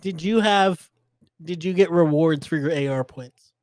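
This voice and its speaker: Casual male podcast co-host, slightly high voice, easygoing, dry recording. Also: darkish tone, no room sound. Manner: casual, easygoing, asks quick questions.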